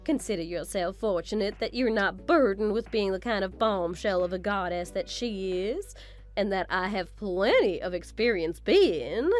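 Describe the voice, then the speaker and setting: A woman's voice: mid-range voice, lively intonation, moderate pace, soft background music, natural voice. A woman voicing a vain, condescending mother-in-law in a scripted story drama. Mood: scornful. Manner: condescending, boastful, theatrical. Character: haughty vain older mother-in-law, scornful.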